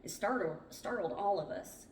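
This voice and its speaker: Lady reading a book out loud, echoey room, faint hum behind. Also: mid-range voice, animated, moderate pace. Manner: plain storytelling read with small stumbles. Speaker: book club host. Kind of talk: reading a memoir aloud. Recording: roomy, distant from the mic.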